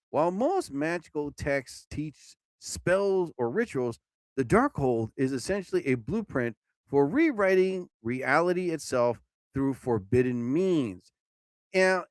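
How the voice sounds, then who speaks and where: Excitable rambling streamer guy. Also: on the high side, no echo, studio quality. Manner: excitable, rambling, jokey, stumbles over words. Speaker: live stream host. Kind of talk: casual live-stream reading and commentary.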